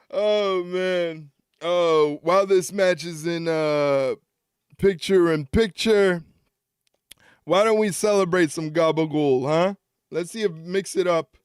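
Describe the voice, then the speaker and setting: A man's voice: high-pitched, clear, resonant tone, dry recording, clean studio sound. A man streaming, talking in a loose, profane, casual chat and laughing a lot.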